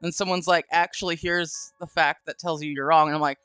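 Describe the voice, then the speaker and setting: A man with a bright, clear, fairly high voice chatting casually. He jokes about himself and laughs often, with faint music under the talk. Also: fairly even intonation, brisk, no room sound. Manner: joking, self-deprecating, laughs along. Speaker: stream co-host. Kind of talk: casual chat.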